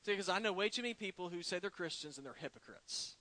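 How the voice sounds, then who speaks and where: Bright-voiced male preacher, close and dry. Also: sits high, expressive, quick pace. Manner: conversational preaching with rhetorical questions and retold stories. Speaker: pastor. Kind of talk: sermon.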